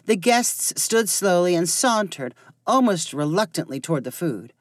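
A woman narrating a story aloud in an expressive reading voice. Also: lowish voice, moderate pace, no room sound, clean studio sound.

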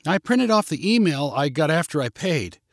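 A friendly, chatty older woman, easily bewildered, as a male narrator puts her on. Her lines lift into a higher, lilting tone. The reading is dry and close. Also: big pitch swings, normal speed, no echo, heavily acted. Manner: cheerful, then confused.

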